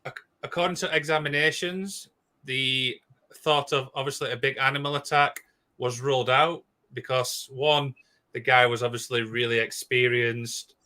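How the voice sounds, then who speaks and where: Bright, rushed man telling eerie stories. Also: mid-range voice. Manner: excitable, rushed, with many restarts and "obviously". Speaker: podcast co-host. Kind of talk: casual storytelling chat.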